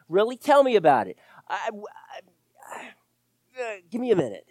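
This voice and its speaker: Male pastor, animated sermon delivery, very expressive pitch, dry recording. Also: moderate pace, dry recording. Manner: animated preaching, rising and falling loudness.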